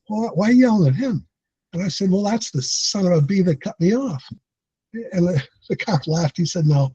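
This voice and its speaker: A middle-aged man tells his personal story to a support group in a loose, conversational way, with plenty of fillers and a chuckle at his own tale. His voice is a little husky and the sound is dull and muffled. The room gives back almost no echo. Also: medium pitch, darkish tone.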